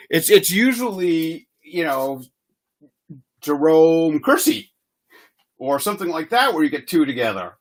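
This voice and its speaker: A man's voice: a little high, very animated, measured pace. A man hosting a live trading card box break, reading player names in a chatty, easygoing way and laughing often.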